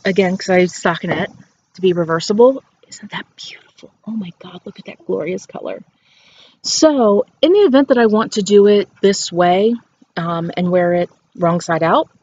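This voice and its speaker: A woman's voice: medium pitch, darkish tone. Chatty woman hosting a knitting show. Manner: chatty and playful, laughs often. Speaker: knitting podcast host. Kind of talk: casual show-and-tell chat. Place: outdoors. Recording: dull outdoor recording with faint background noise.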